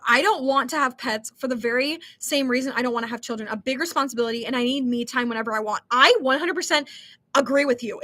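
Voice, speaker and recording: A woman's voice: high voice, pushed and bright. A young millennial woman hosting a casual livestream, reading chat comments and answering with lots of ums, likes and giggles. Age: young adult.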